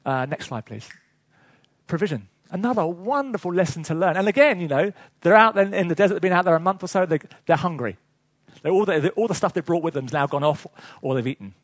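Husky high-voiced male preacher. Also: fast talker, dry recording. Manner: lively storytelling with chuckles, asides to the congregation. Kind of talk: sermon.

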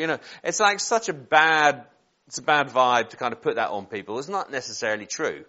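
A man in his forties from Northern Ireland with a Northern Irish accent, softened by years in England, giving an informal sermon in a rambling, self-deprecating way full of joking asides. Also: mid-range voice, lively intonation, fairly quick, highs cut off. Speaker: preacher.

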